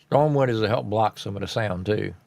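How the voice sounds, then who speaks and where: A man's voice: fairly low pitch, a little fast, creaky, darkish tone, no room sound. A man in casual chat, adding wry one-liners and advice about neighbors.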